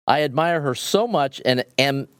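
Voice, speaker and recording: Lively man co-host in a dry room. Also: medium pitch, moderate pace, clean tone, dry recording. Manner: upbeat, reads listener reviews aloud. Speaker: podcast co-host. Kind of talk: casual podcast chat.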